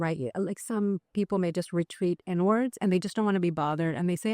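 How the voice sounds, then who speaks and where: A woman being interviewed, talking in an animated, conversational way with frequent restarts and fillers. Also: fairly low pitch, fast, few pauses, no echo, clean studio sound. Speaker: psychiatrist guest.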